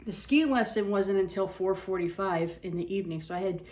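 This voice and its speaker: A woman tells a comic story about herself in a loose, animated way. Her voice sits in a middle range. The room around her adds a noticeable echo. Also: medium pitch, fairly quick, distant mic. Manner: animated, self-mocking, acts out shrieks. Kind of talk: casual storytelling. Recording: echoey room.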